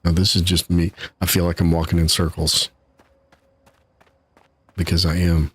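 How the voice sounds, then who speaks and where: A man's voice: low voice, little pitch movement, normal speed, fairly bright tone, slightly rough, no echo. A man casually commenting while he streams a game live, chatty and laughing at his own troubles from his home setup. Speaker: gaming streamer.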